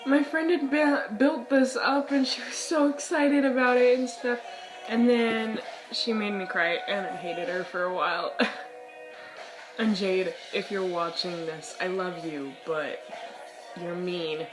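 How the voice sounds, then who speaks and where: A young woman vlogging about books in casual chat, hoarse and losing her voice, rambling with dramatic outbursts and giggles. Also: mid-range voice, steady tone, a little slow. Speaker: book vlogger. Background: soft music.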